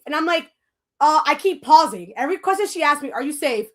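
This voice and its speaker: High-voiced woman telling a story. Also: quick pace. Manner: switches between English and Spanish mid-sentence; animated storyteller who acts out quoted lines. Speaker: podcast co-host. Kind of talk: casual chat, telling a story.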